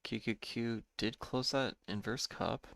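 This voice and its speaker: A man giving live day-trading commentary, measured and thinking aloud, correcting himself now and then, a bit tired. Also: medium pitch, gravelly, a bit bright, no room sound.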